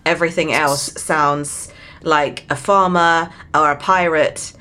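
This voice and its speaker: A young woman with a British accent, co-hosting a podcast in fast, joking casual chat. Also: sits low, steady tone, sharp tone. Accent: British English. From England. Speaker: podcast co-host.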